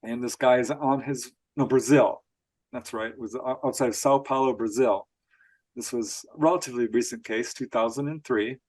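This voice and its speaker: A man tells odd stories as a guest on an interview, chuckling often and slipping into little voices for quotes. His voice sits in a middle pitch. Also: normal speed. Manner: animated storyteller, laughs often, acts out quotes. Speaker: author guest. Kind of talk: storytelling interview.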